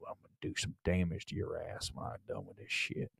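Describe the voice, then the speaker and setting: A man voicing a menacing Southern tough guy in a low, gruff drawl with a Southern US accent. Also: fairly quick, a bit bright, no echo, studio quality, natural voice. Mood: threatening.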